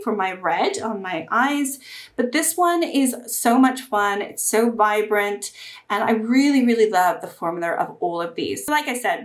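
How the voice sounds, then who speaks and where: A woman's voice: fairly high pitch, echoey room. A woman reviewing and ranking makeup palettes in a casual chat to camera, chatty and prone to gushing. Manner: chatty, gushing, bursts of excitement. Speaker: beauty YouTuber.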